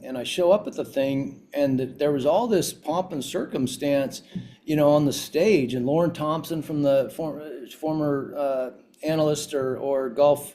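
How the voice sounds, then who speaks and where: A man with a medium-pitched, dark voice appears as a CEO guest on a podcast. In this casual storytelling interview, he tells a story full of restarts and fillers.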